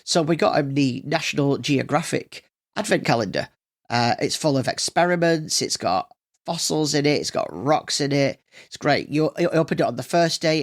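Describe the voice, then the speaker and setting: A man's voice: medium pitch, vocal fry. A man hosting a solo podcast, chatting casually and rambling with plenty of fillers and restarts. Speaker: podcast host.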